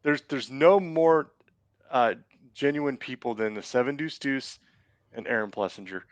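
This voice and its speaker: Man, mid pitch, emphatic casual chat, dry close recording. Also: measured pace, no room sound. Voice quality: enthusiastic, emphatic, casual swearing.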